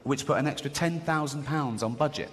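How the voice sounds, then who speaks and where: An English man doing a stand-up comedy set, swinging into high squeaky exclamations and quick impressions. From England. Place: large theatre stage before a laughing audience. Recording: live hall recording with audience noise.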